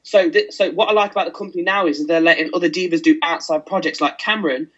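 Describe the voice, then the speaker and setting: A man's voice: fairly high pitch, fairly even intonation, fast talker, fairly bright tone. A man co-hosting a casual podcast chat, chatty and gossipy, on dull lo-fi audio. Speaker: podcast co-host.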